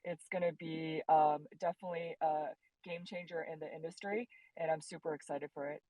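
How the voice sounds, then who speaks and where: A woman speaking up in a casual audio chat, excitable and rambling, apologizing for her flood of ideas. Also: sits low, brisk, no echo, poor audio. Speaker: guest speaker.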